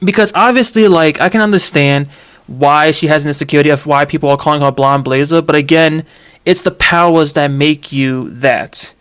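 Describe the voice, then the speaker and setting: A man's voice: fairly high pitch, moderate pace, smooth. Exasperated man ranting about a game. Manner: animated and exasperated, with heavy use of "like" and swearing. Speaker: game commentator. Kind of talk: casual video game reaction rant.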